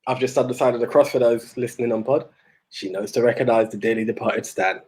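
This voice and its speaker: A young man co-hosting a podcast, telling stories in a rambling, animated way with many restarts. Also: mid-range voice, brisk. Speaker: podcast co-host. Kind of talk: casual chat.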